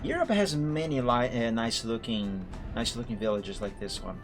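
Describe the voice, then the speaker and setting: A man's voice: mid-range voice, lively intonation, moderate pace. A man streaming a driving game, chatting casually and rambling as he corrects himself mid-sentence. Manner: rambling, self-correcting, chuckling. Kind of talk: casual gameplay commentary. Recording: music playing under the voice.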